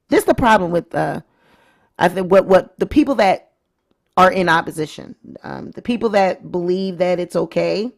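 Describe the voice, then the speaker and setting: Woman doing casual commentary on her channel, chatty, opinionated, talking right to viewers. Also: fairly low pitch. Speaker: vlog host. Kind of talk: casual celebrity-news commentary.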